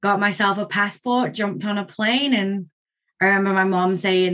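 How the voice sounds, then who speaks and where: A woman's voice: mid-range voice, moderate pace, a bit bright, muffled recording. A woman from England, chatting as a podcast guest over a video call and laughing easily. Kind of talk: casual chat.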